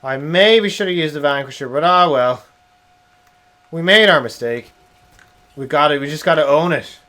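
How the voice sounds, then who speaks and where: A young man, streaming a game and chatting casually, swearing and yelling at the game. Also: a little high, normal speed. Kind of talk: casual live-stream commentary.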